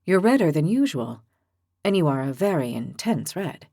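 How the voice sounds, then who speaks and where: A woman voicing a calm, philosophical young man with an ox's head, who speaks patiently and reasons things out. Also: low voice, moderate pace, dry recording, clean studio sound, voice pushed down, full character voice. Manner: patient, reasoning, gently teasing.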